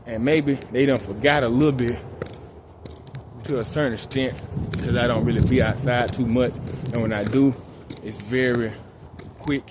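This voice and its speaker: Man for a street vlog: calm, slangy, mid-pitched, walking outdoors at night, with traffic noise behind him. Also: normal speed, long pauses. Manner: calm, laid-back, slangy. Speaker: vlogger. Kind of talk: casual motivational talk while walking. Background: traffic and outdoor ambience.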